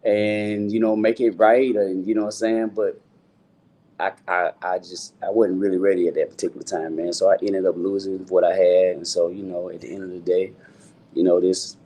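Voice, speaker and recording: Mellow-voiced man, rambling softly. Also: low voice, flat delivery, moderate pace. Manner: loose, rambling, full of "you know what I'm saying". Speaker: guest singer. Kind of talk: relaxed interview talk.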